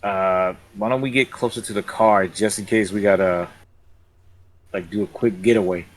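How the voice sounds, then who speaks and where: A man playing a tabletop role-play game, halting and hedging as he talks. His voice is somewhat low. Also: fairly even intonation. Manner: hesitant, hedging with fillers. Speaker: player.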